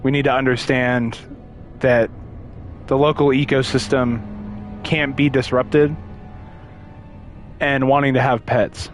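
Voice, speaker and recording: A man's voice: mid-range voice, flat delivery, slow pace, pauses often, soft background music. A young man chatting casually while streaming a game, rambling and stumbling over words as he reads aloud. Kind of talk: casual gameplay commentary.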